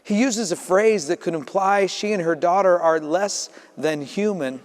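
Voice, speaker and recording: A man preaching a sermon as pastor, telling the story in a lively way and acting out the voices in it. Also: sits high, measured pace. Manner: storytelling, acts out voices in quotes. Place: church sanctuary. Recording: reverberant church sanctuary.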